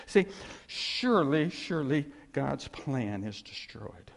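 A man's voice: a little high, lively intonation, unhurried, gravelly. A man preaching a sermon as a pastor, emphatic and repetitive, with chuckling asides. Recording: echoey hall reverb.

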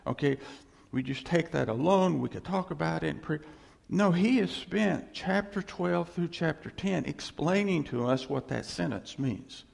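A man's voice: fairly high pitch, animated, unhurried, vocal fry, a little mellow, slightly rough, long reverb tail. A man preaching a sermon on scripture, emphatic and repetitive, asking the congregation for responses. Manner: emphatic, repeats phrases, calls for audience response.

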